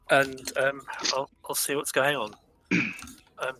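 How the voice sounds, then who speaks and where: Bright-voiced man playing a tabletop game. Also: mid-range voice, steady tone, moderate pace, soft background music, low-quality recording. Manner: earnest, stammering repeats. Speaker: player. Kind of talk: tabletop role-play, in character.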